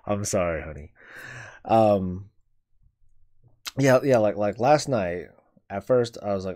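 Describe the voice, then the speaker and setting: A man's voice: on the low side, lively intonation, slow pace, pauses often, darkish tone. A man streaming live and chatting casually, rambling, restarting his words and swearing freely.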